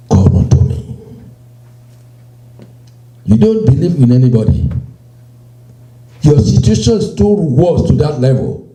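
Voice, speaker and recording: A man preaching a sermon, slow and emphatic, repeating phrases and quoting scripture. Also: medium pitch, warm tone, roomy sound, rough recording. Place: church.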